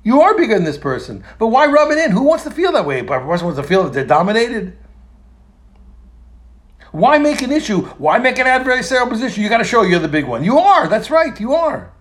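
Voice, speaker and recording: A man teaching a religious text, talking in an animated, emphatic way and often repeating phrases and restarting. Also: high voice, a little fast. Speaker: Torah teacher. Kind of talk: explaining a text in a lesson.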